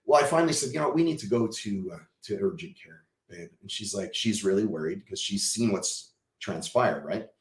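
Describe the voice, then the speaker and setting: A man, a podcast guest, telling a personal story with emotion and acting out the dialogue, swinging from hushed to loud. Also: on the low side, animated, moderate pace, echoey room. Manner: vivid storyteller who acts out quoted dialogue.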